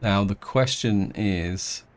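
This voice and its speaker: Slow, low-voiced man thinking aloud. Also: smooth. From England. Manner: thinking aloud, hesitant, many restarts. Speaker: game let's-player. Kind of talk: casual gameplay commentary.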